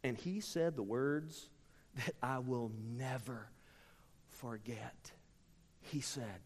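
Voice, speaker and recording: A middle-aged man preaching a storytelling sermon, with a dramatic delivery that swings from hushed asides to sudden shouts. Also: medium pitch, slow, long pauses, slightly rough. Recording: long reverb from a large hall.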